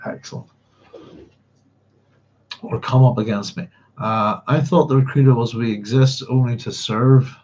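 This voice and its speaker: A man's voice: medium pitch, steady tone, a little slow, pauses often, darkish tone. A man hosting a book club livestream, chatty and apologetic, humming to himself as he searches his notes. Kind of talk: casual livestream chat. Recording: slightly dull lo-fi sound.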